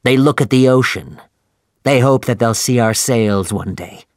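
A man reading aloud and voicing a calm, homesick first mate who speaks quietly and wistfully. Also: mid-range voice, unhurried, dry recording, clean studio sound, lightly acted.

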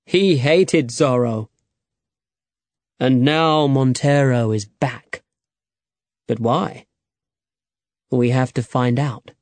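A man reads a grave old master swordsman in an audiobook. The lines come slow and measured, with a stern weight. The recording is dry and close. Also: mid-range voice, darkish tone, no room sound. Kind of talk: audiobook character reading.

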